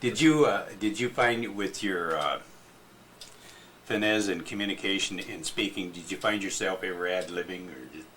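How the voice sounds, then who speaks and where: Man interviewer, lowish voice, polite prompts, faint hiss behind. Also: normal speed, fairly bright tone. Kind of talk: oral history interview.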